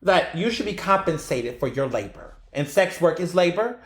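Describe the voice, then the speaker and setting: A man hosts his own podcast alone, telling stories with big, animated swings of pitch as he acts out his own reactions. His voice sits a little high for a man. The recording has a noticeable room echo. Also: normal speed. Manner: animated storytelling, acting out his own exclamations. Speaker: podcast host. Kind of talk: solo podcast commentary.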